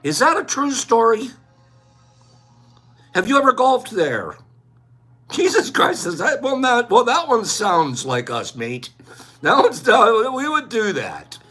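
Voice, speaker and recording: Slow, husky, animated live-chat host. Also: mid-range voice. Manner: playful, teasing, talks to chatters by name. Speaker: livestream host reading chat.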